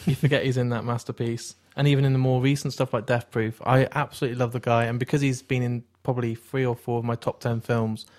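A man's voice: mid-range voice, little pitch movement, quick pace, hardly any pauses, darkish tone. Passionate man chatting films. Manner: passionate, storytelling. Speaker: podcast co-host. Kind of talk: casual film chat.

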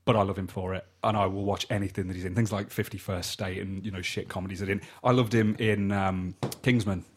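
A man's voice: low voice, steady tone, fairly quick, a little hiss or hum. A man co-hosting a podcast, chatting enthusiastically and casually about films, swearing now and then. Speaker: podcast co-host. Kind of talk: casual film chat.

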